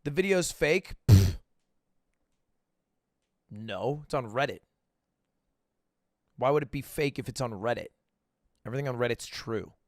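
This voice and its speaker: A young man streaming from home, telling a story to his chat in a casual, animated way, jumping into high voices when he quotes people. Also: unhurried, pauses often, dry recording, clean studio sound.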